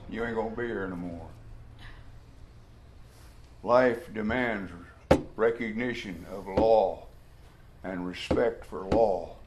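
A man preaching a folksy, emphatic Bible study sermon, acting out the voices in his stories. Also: fairly low pitch. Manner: folksy, emphatic, acts out quoted voices loudly. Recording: echoey room with faint ambient noise.

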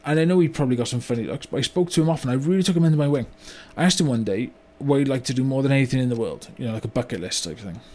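An actor playing a remorseful older British business owner in a comedy monologue, with a rambling delivery full of "you know" and "right?". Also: male voice, medium pitch, racing, few pauses, warm tone, natural voice. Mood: rueful. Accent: British English. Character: remorseful older male car yard owner, blunt. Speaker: business owner telling a story. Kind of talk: mock-documentary comedy monologue.

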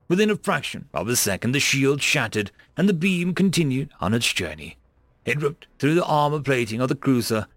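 Expressive male story narrator. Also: medium pitch, no echo. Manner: expressive reading that rises and falls. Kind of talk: reading sci-fi stories aloud.

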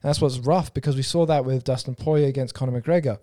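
A man chatting casually about fight sports, his voice mellow and warm. He thinks aloud, restarts his sentences and breaks down technique in detail. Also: medium pitch, fast.

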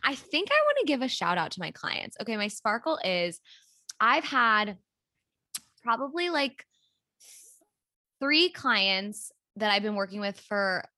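A woman's voice: medium pitch, big pitch swings, a little slow, long pauses, bright, forceful tone, no echo, clean studio sound. A woman co-hosting a podcast, supportive and casual, with "like" scattered through her talk. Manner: supportive, casual, uses filler "like". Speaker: podcast co-host. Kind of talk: casual chat.

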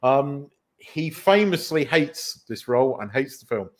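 A man's voice: medium pitch, lively intonation, measured pace. A man hosting a casual film podcast, rambling and correcting himself, with the odd swear word. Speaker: podcast host.

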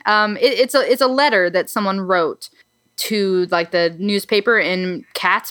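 A woman's voice: mid-range voice, a bit bright, no echo, clean studio sound. A woman co-hosting a podcast, chatting and telling stories casually, with lots of filler words and easy laughter. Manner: chatty, many likes and restarts, laughs easily. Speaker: podcast co-host. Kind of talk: casual chat, storytelling.

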